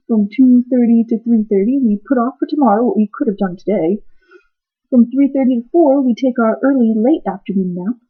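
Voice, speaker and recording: A woman voicing sleepy, lazy townsfolk in a storybook reading, speaking in a drowsy, unhurried way with a husky voice. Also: a little high. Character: lazy sleepy dawdling town folk. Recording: tinny phone-like sound.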